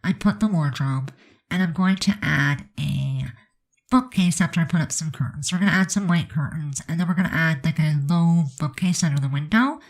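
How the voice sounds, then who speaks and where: A woman's voice: low-pitched, moderate pace, low-quality recording. A woman with a stuffed-up, congested voice giving a chatty, rambling voice-over commentary on a game build. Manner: chatty, rambling, many fillers.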